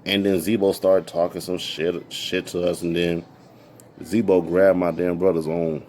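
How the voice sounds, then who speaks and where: A man casually telling a story from his past, animated and full of repeated "I'm like" asides. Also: sits low, a little slow, a little hiss or hum.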